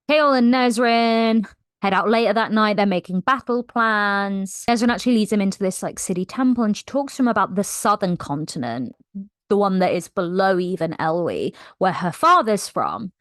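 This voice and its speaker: A young woman retells a novel's plot in a casual, animated vlog. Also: mid-range voice, moderate pace, clear, resonant tone, no echo, clean studio sound. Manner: animated, gushing storyteller. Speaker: book vlogger. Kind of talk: casual book recap vlog.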